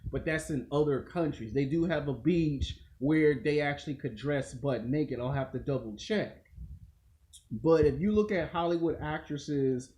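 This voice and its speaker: Male video host, raised pitch, mellow timbre; loose, profane, rambling monologue. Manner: crude, slangy, repetitive rant. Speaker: YouTube show host.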